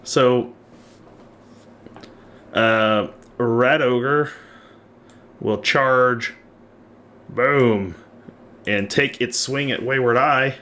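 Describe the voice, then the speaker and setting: A man's voice: mid-range voice, drawn-out words, long pauses, fairly bright tone. A man running a tabletop role-playing game as game master, narrating and laughing often.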